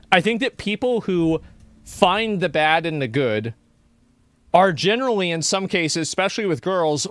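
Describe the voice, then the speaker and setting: A man's voice: a little high, fairly bright tone, dry recording. A man streaming a casual reaction commentary, rambling and swearing with many fillers as he argues and explains his point of view.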